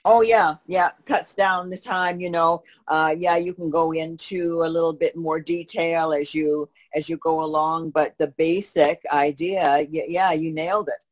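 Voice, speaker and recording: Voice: medium pitch, steady tone, measured pace. A co-host answering questions in a casual chat, explaining steadily with frequent false starts and fillers. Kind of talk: casual conversational Q&A.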